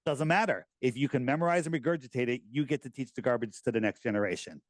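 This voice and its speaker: A middle-aged American man talking casually in an interview, animated and rambling, with many restarts. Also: medium pitch, quick pace, no echo. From United States. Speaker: podcast host, guest.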